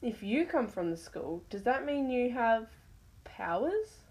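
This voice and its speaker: A woman's voice: fairly high pitch, sing-song, measured pace, darkish tone, pitched above the performer's own voice. A woman reading the lines of a proud, restless young female cat in a storybook tale, indignant and full of questions.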